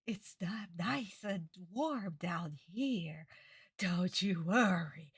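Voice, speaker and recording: A woman putting on a creepy, drawn-out old woman's voice as a mocking parody. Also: on the low side, lively intonation, slightly rough, no room sound, exaggerated voice.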